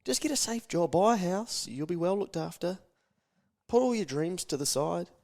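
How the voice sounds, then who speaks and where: A man's voice: high voice, lively intonation, moderate pace, vocal fry, darkish tone, voice pushed up. Man putting on a nagging, dismissive grown-up. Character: condescending adult telling a dreamer to play safe.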